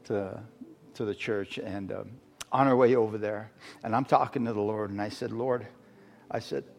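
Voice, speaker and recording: A middle-aged man from Arizona, a guest preacher telling a story as a sermon testimony, halting, with many fillers and restarts. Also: fairly low pitch, steady tone, a little mellow. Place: church sanctuary. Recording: long hall reverb with faint music.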